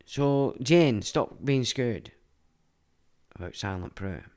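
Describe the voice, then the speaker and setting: A middle-aged man delivers a rambling livestream monologue. His talk is blunt and full of swearing, and his pitch swings widely as he rants. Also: expressive, slow pace, darkish tone. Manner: blunt, profane, ranting. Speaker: livestream host.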